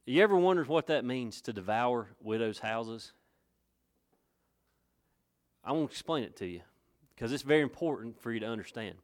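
A man's voice: medium pitch, animated, a little fast. A man preaching a sermon in a folksy, conversational way, rising to emphatic points. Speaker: pastor.

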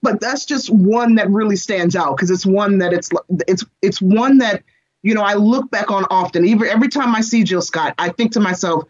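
A woman in her forties, an interview guest, telling a personal story in an expressive, animated way and speaking straight to the host. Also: mid-range voice, moderate pace, slightly rough. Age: 40s. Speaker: guest, entertainment reporter and screenwriter. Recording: slightly dull lo-fi sound.

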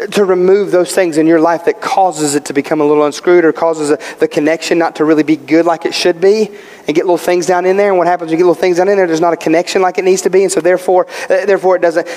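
A man's voice: on the high side, a little mellow. A male pastor preaching a sermon, emphatic, posing questions and answering them himself. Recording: long hall reverb.

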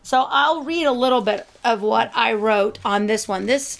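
A woman's voice: on the high side, vocal fry. A middle-aged woman talking casually as a co-host and reading her own affirmations aloud. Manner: chatty, restarts, reads affirmations briskly. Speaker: speaker and podcast co-host.

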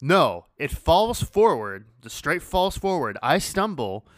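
A man's voice: a little high, big pitch swings, slow pace, no room sound, studio quality. A man hosting a podcast, casually telling a story, swearing freely and laughing as he goes. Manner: laid-back, swears freely, laughs through his story. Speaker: podcast host.

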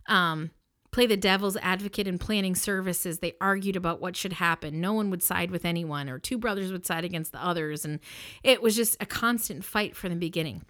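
A woman hosting a podcast, telling a personal story in an expressive, emphatic way into her own microphone, often laughing and restarting her sentences. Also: on the low side, fairly quick. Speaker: podcast host.

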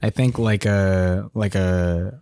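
A man's voice: deep voice, fairly even intonation, takes it slowly, dark tone, clear, resonant tone, no echo, studio quality. A young man co-hosting a podcast in casual chat, easygoing and giving short replies. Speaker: podcast co-host.

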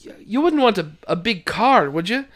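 Coaxing, patient middle-aged priest, bright tone as a man imitates him. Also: high voice, very animated, moderate pace. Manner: coaxing questions.

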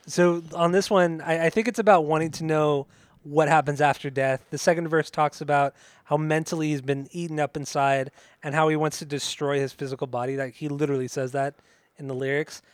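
A man co-hosting a casual music podcast, excitable and swearing a lot, often singing along. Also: fairly high pitch, fairly quick, clean tone, no room sound. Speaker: podcast co-host.

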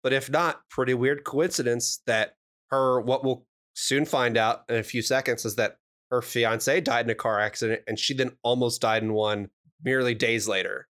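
In a casual recap chat, this podcast co-host goes over episodes with dry humor and puns. His voice is medium in pitch and a bit bright, with fairly even intonation and a normal speaking speed, and he leans on wry wordplay and explanations.

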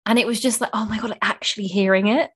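With a husky, medium-pitched voice, a young woman hosts a podcast and chats fast with fairly even intonation. She's casual, gushing and emotional, using "like" a lot.

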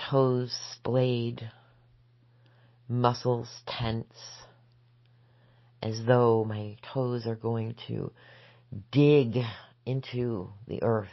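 A woman and spiritual teacher giving a gentle, measured spoken reflection that sometimes sinks into soft whispers. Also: very deep voice, dry recording, dull audio. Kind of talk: slow reflective spoken essay.

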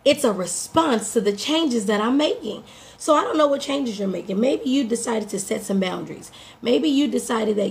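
A woman coach delivers a motivational morning talk with a slightly raised pitch and a gravelly edge to her voice. She is a bit hoarse today. She speaks upbeat and direct, like a preacher rallying her listeners. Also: animated, normal speed. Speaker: life coach and podcast host.

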